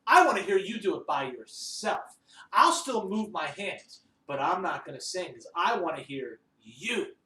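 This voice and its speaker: A male music teacher leading a children's lesson, giving lively sing-song directions. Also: on the high side, measured pace. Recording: roomy echo, distant mic, faint noise.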